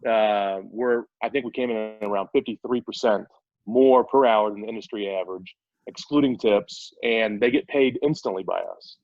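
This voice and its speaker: A man's voice: on the low side, moderate pace, darkish tone, no echo. Startup ceo guy talking eagerly, keeps restarting sentences, muffled dry sound. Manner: eager, explains at length with many restarts. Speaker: startup CEO interviewed as guest. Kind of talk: casual interview talk. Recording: dull, dry lo-fi audio.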